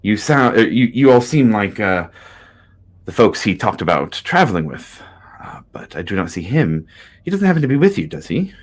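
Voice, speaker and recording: A man voicing a small, polite male rat who speaks in a quiet, hesitant way. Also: on the low side, big pitch swings, normal speed, voice pushed up. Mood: timid.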